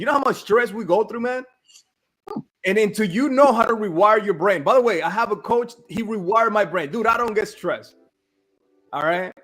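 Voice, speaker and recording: A man's voice: sits high, a bit bright. A man in casual business chat, blunt and emphatic, often asking "all right?".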